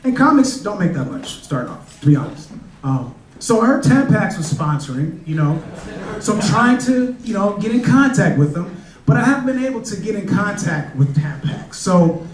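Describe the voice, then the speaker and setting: Stand-up comic on an echoey club stage. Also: male voice, high voice, very animated, normal speed. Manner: casual, conversational, loose storytelling. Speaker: stand-up comedian. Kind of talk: stand-up comedy set. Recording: echoey club, distant mic, crowd. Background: audience laughter.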